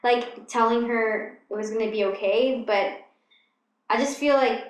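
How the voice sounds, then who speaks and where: A chatty woman co-host with a slightly high voice, talking casually with plenty of "like"s. The sound bounces around an echoey room. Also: fairly even intonation, measured pace. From Texas. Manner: chatty, frequent fillers. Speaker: podcast co-host. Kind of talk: casual recap chat.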